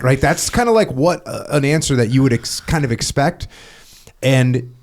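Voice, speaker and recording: A man's voice: medium pitch, animated, normal speed, darkish tone. A middle-aged man hosting a podcast, talking casually and rambling, acting out quoted dialogue as he goes. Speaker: podcast host. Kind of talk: casual conversation.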